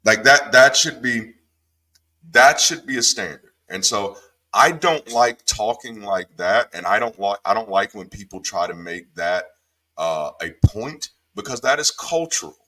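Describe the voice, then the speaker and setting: A man, a former pastor, giving a casual Bible commentary in an emphatic, animated way, swearing freely and jumping from calm low talk to sharp, high outbursts. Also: measured pace.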